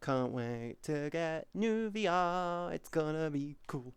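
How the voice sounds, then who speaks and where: A man chatting casually on a live stream, swearing freely, reading viewers' messages aloud and softly comforting them. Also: a little high, slow pace, few pauses, a little hiss or hum. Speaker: VTuber streamer.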